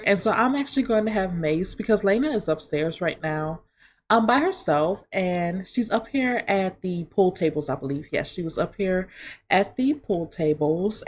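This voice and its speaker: A woman's voice: lowish voice, slight background noise. Woman, let's play host, chatty, casual game commentary, talks to viewers.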